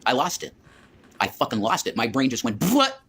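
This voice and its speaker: A man recounting a fight in an agitated, profane way, circling back over the same points. His voice sits in an ordinary middle pitch. A faint noise hums under the recording. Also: animated, brisk, fairly bright tone. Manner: profane, agitated, repeating himself. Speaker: streamer telling a story. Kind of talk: emotional storytelling on a stream.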